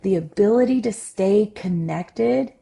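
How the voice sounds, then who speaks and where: A woman relationship coach and podcast host, telling personal stories in a loud, expressive, candid conversational way. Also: mid-range voice, a little slow, creaky.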